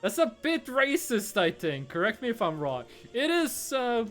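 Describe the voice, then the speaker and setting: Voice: medium pitch, big pitch swings, moderate pace, fairly bright tone, faint music behind. A young adult streamer, casually chatting while gaming and telling rambling, profane stories. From Norway. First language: Norwegian.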